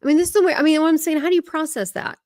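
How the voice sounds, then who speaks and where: A woman's voice: high voice, very fast, no room sound. Rambling Southern woman, dry sound. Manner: rambling, excitable storytelling. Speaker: guest, spiritual medium. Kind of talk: casual interview talk.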